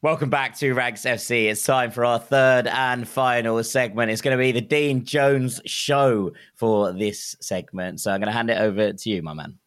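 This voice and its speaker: A man's voice: medium pitch, fairly even intonation, moderate pace, few pauses, no room sound. Chatty man hosting a podcast. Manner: chatty, repeats words when starting sentences. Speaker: football podcast co-host. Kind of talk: casual podcast chat.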